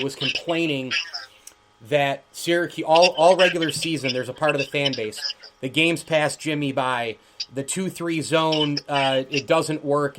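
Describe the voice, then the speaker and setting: A man hosting a sports talk interview, with a voice pitched a little high. He talks in an animated, argumentative way and stretches his questions out at length. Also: a little hiss or hum. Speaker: radio show host.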